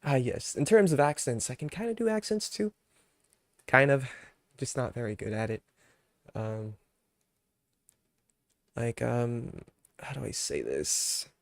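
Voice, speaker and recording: Male streamer, easygoing and rambling, filler-heavy casual chat, mid-pitched voice, dry sound. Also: expressive, gravelly, no room sound. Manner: laid-back, rambling, many fillers, quick to laugh.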